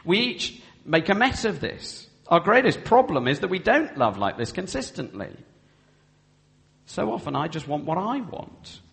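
Guy preaching, earnest, big swings in pitch, long hall echo. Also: very animated, measured pace, creaky, fairly bright tone. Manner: earnest, acts out vows in quoted speech. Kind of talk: sermon on marriage.

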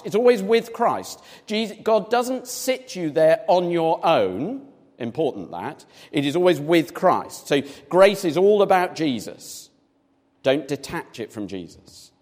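Man, sermon, high pitch, long hall reverb. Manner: animated, acts out little scenes in voices. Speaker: preacher.

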